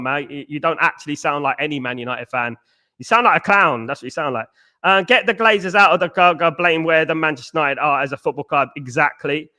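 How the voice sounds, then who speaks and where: Bright-voiced blunt male stream host. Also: on the high side. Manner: blunt, repetitive, peppers talk with "mate" and "big up". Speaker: fan channel host reading live chat. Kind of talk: casual live-stream chat.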